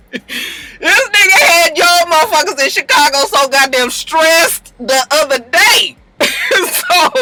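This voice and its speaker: A man's voice: high-pitched, pushed and bright, low-quality recording. A man from Los Angeles, hosting a casual, profane gossip podcast, laughing often and acting out the people in his stories. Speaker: podcast host.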